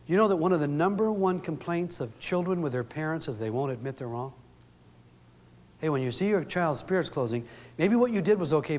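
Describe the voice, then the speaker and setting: A man's voice: on the high side, a little mellow. A middle-aged man telling earnest, folksy stories to an audience, acting out the quotes as he goes. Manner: earnest, folksy storyteller who acts out quotes. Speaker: speaker. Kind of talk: storytelling talk to an audience. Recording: long hall reverb.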